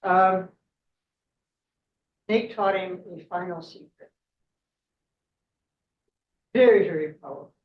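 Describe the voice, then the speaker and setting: Slow and fairly low-pitched, with long pauses, she's a guest at a club meeting telling a myth in a conversational style, laughing a lot and checking in with "right?". The recording is dull and echoey, captured from a distant mic.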